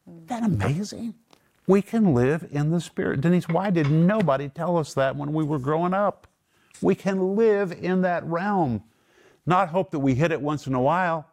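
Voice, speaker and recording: A man's voice: fairly high pitch, a little mellow. Emphatic male Bible teacher. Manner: emphatic, swings his voice up to stress points. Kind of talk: Bible teaching to a small group.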